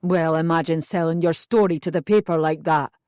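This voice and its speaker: A woman's voice: low voice, fairly even intonation, a little fast, darkish tone, no room sound, studio quality, pitched below the performer's own voice, close to an everyday voice. A woman reading an audiobook, voicing a stern older male police officer who speaks firmly and curtly. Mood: scolding. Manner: firm, curt, scolding.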